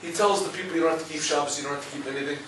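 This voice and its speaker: A man giving a lively Torah class, telling stories and checking with listeners as he goes. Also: a little high, very fast, very echoey, far from the mic, background noise. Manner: storytelling, lively, asks listeners "right?". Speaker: rabbi teaching a class.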